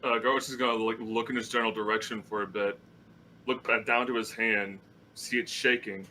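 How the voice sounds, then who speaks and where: A man with a bright, crisp voice describes his character at a tabletop game. His talk is casual and full of fillers. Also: on the low side, level tone, brisk, slight background noise, low-quality recording. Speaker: player.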